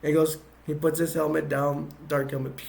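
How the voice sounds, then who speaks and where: A man walks through a film's scenes in a loose, rambling recap, stopping and restarting often and chuckling at the jokes. His voice sits a little high and carries a gravelly, fry-edged texture. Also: level tone, darkish tone. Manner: halting and rambling, many restarts, chuckles as he goes. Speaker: movie reviewer. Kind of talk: casual scene-by-scene retelling.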